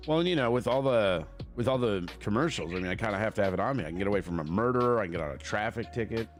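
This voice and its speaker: A man's voice: on the low side, expressive, racing, faint music behind. A man hosting a podcast, chatting casually in a loose, profane, joking way, sounding a bit congested. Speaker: podcast host. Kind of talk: casual chat.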